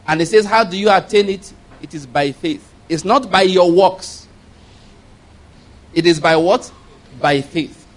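A man preaching a sermon, firing rhetorical questions at the congregation and repeating key phrases for emphasis. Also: high voice.

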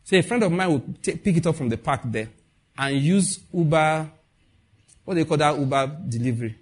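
A man's voice: on the high side, fairly quick, husky. A middle-aged man with a Nigerian accent preaching in a conversational way, acting out quoted dialogue and asking his listeners questions. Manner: animated, acts out quoted dialogue, asks the audience questions. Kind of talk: conversational sermon.

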